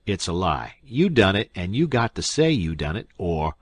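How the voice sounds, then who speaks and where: A man doing a scornful, brisk swindler. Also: deep voice, no room sound. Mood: angry. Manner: brisk, sarcastic, forceful. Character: sharp-tongued male swindler, brisk and scornful.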